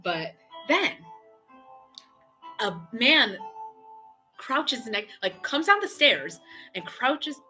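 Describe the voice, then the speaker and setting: A young woman telling a long, excitable story on a painting stream, chatty and full of fillers and quoted dialogue. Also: a little high, extremely slow, pauses often, soft background music. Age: young adult.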